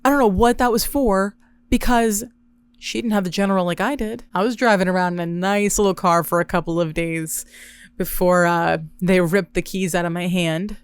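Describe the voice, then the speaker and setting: A young woman hosting a podcast, telling a story in an animated, sarcastic way with quick asides. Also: fairly low pitch, clear, resonant tone. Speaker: podcast host. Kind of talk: casual storytelling monologue.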